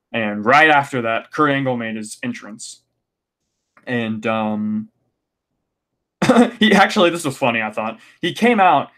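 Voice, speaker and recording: Male podcast host, mid-pitch voice, casual and ranty, lots of ums and exasperated rhetorical questions. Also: fairly bright tone. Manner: ranting, exasperated, frequent "um" fillers and restarts.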